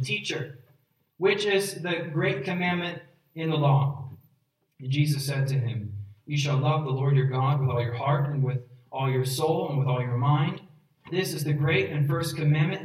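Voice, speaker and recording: Guy preaching a sermon, kinda high voice, keeps saying right?, echoey church sound from far off. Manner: earnest, emphatic preaching with repeated "right?". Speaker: pastor.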